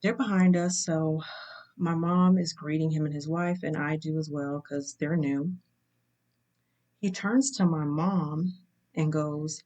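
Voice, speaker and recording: A young woman hosting her channel, telling a personal story in a casual, measured way and checking in with "right?" asides. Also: sits low, fairly even intonation, mellow.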